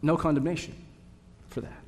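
A man's voice: fairly high pitch, fairly even intonation, moderate pace. A man preaching a sermon to his congregation, earnest and building to emphatic repetition. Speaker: pastor. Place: church sanctuary. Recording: long reverb of a hall.

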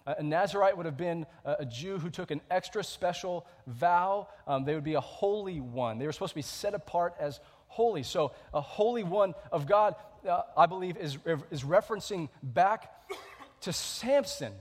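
A man's voice: sits high, lively intonation, normal speed, darkish tone, long reverb tail. A man preaching a sermon in a church, explaining scripture in a conversational way with asides to the listeners. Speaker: pastor.

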